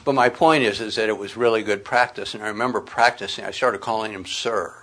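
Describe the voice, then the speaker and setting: A man's voice: lowish voice, fairly even intonation, brisk, few pauses, a bit bright. A middle-aged man preaching a sermon, reading scripture aloud and speaking with earnest emphasis.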